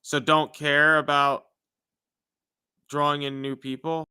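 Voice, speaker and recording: A man giving a casual livestream testimony in a sharp, bright, resonant voice pitched a little high. He talks aloud to God in bursts of questions, then turns to chat with his viewers, moving between loud declarations and hushed, quick apologies. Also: flat delivery, clear, resonant tone, no echo, studio quality. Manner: casual, chatty with viewers, uses "dude" and "you know". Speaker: livestream preacher.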